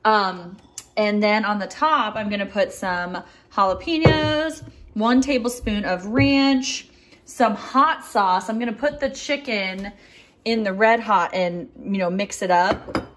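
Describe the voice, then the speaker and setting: A bubbly, talkative food vlogger in her thirties chats casually with her viewers, filming herself on a camera or phone first in her car at a drive-thru and then in her home kitchen. Her medium-pitched voice is animated and unhurried, with background noise behind it.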